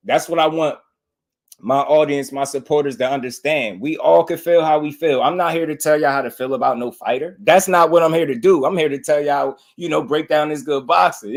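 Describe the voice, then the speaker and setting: A New man hosts a casual boxing stream, talking straight to his viewers. He laughs easily as he goes. When he mocks his critics, he slips into teasing impressions of them. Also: on the high side. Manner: laughs often, talks straight to chat; mocks critics in exaggerated voices. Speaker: boxing commentator and channel host. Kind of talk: casual live-stream commentary.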